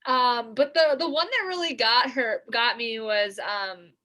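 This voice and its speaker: Woman, high pitch, bright tone, New York area, comedy podcast co-host, rambling casual chat, lots of fillers, swearing. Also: unhurried. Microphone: remote call setup.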